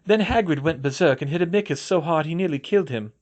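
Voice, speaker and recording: A man's voice: a little high, quick pace, a little mellow, highs cut off, voice pushed up, close to an everyday voice. A man voicing a cold, blunt young woman student who speaks matter-of-factly.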